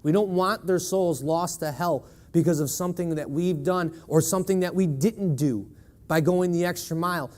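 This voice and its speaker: A man's voice: high-pitched, a little mellow. A man preaching a sermon in a church, emphatic and leaning on rhetorical questions to the congregation.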